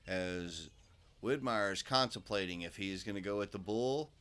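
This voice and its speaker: A man commentating live on a darts match, chatty and relaxed, with many fillers and asides. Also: fairly low pitch, moderate pace.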